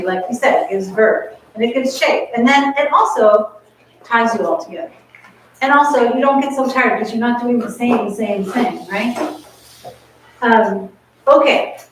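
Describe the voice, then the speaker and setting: This woman's voice sits on the high side and sounds a bit bright, with a little hiss or hum in the recording. As a masterclass coach she encourages a chamber ensemble and sings musical lines on nonsense syllables, captured by a far camera mic in a large, very echoey rehearsal room.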